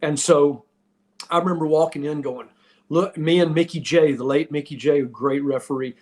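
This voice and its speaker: A former wrestler in his fifties who now hosts a podcast tells stories in a relaxed chat, laughing often. His voice is slightly high and his pace moderate, and he's an animated storyteller.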